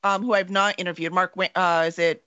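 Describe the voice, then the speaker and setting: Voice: medium pitch, little pitch movement, a little fast, pushed and bright, smooth. An interviewer hosting a casual chat, engaged with frequent backchannel. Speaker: podcast interviewer. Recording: lo-fi muffled audio.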